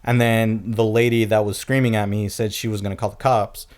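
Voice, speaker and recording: A man's voice: fairly low pitch, level tone, brisk, a little mellow. A man in casual podcast chat, retelling a story with heavy swearing and quoted voices. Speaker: podcast co-host.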